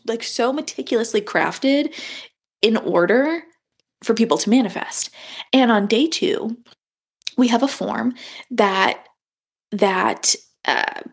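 Young woman chatting away on her spiritual podcast, kinda husky gravelly voice, yawns a lot. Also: mid-range voice. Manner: animated, chatty, frequent yawns and gasps. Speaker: podcast host. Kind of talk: casual spiritual podcast monologue.

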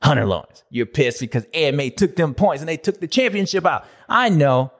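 A man hosting a racing recap show in a jokey, slangy, excitable way. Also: on the high side, brisk. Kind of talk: comedic recap commentary.

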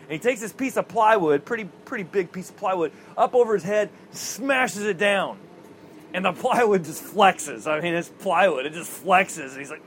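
A man's voice: high-pitched, expressive, moderate pace, fairly bright tone, slight background noise. A man preaching an outdoor chapel sermon at a racetrack, telling stories in a folksy, chuckling way. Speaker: racetrack chaplain.

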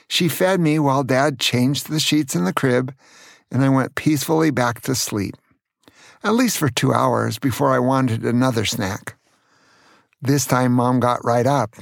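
A man in his sixties from California, a grandfather gently and earnestly telling stories from his childhood on his own podcast. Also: mid-range voice, vocal fry, dry recording, clean studio sound. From California, USA. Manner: earnest, gentle, slow storytelling. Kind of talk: storytelling memoir.

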